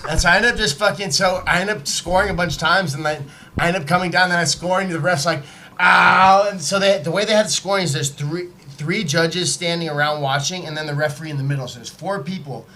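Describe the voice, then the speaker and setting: A man telling a story in casual podcast chat, animated and profane, acting out what people said. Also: fairly high pitch, quick pace, a little hiss or hum. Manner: animated, profane, acts out quotes. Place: podcast studio, live.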